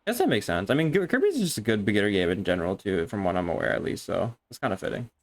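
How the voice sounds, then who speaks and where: A young man on a live stream talks very fast in a fairly low-pitched voice. His casual chatter is excitable and meandering, full of swearing and restarted sentences.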